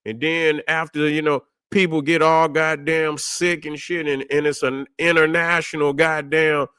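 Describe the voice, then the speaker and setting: A man rants at his chat on a livestream, swearing freely and stumbling through restarts. His voice sits a little high for a man. The sound is dry and close, with no room around it. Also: little pitch movement, pushed and bright, smooth, dry recording. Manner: angry, profane, halting with many restarts and "you see". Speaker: livestream host answering chat. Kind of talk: profane livestream rant.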